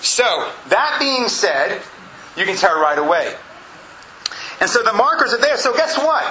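A man with a fairly high, strikingly bright voice preaches a sermon as pastor. He pushes his points with drawn-out phrases and repetition. The sound carries the echo of a church room with a faint hum behind it. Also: big pitch swings. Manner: emphatic preaching with drawn-out pauses and repeats. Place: church sanctuary with congregation. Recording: echoey room.

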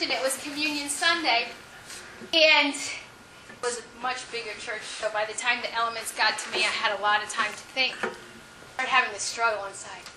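A woman sharing a testimony in a sermon, telling her story emphatically. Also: sits high. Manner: emphatic storytelling, with frequent laughs. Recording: echoey room, speaker far from the mic, faint noise.

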